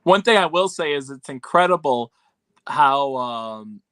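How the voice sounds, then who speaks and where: A man's voice: medium pitch, lively intonation, unhurried, pushed and bright. A man co-hosting a casual film podcast, speaking hesitantly with many fillers. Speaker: podcast co-host. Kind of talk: casual panel chat.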